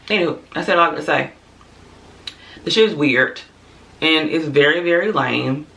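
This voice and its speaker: A woman's voice: fairly low pitch, bright, forceful tone, recorded from a distance. A woman vlogger giving a casual, blunt opinion rant straight to her audience, profane and candid, with frequent asides.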